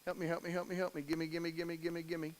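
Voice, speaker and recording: A man doing a helpless high whimpering baby. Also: wildly swooping pitch, very slow, a bit bright, full character voice. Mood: whining. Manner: repetitive pleading, whiny.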